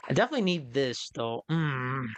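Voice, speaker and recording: A man's voice: mid-range voice, big pitch swings, a little fast. A man streaming a game, chatting casually and thinking aloud in a self-amused way. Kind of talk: casual live-stream commentary.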